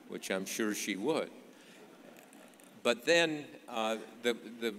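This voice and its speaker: A man's voice: on the low side, lively intonation, slow pace, a bit bright, slight background noise. An older man telling a story to an audience with dry humor, stopping often with fillers. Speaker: speaker telling an anecdote. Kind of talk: storytelling speech. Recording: long reverb of a large hall.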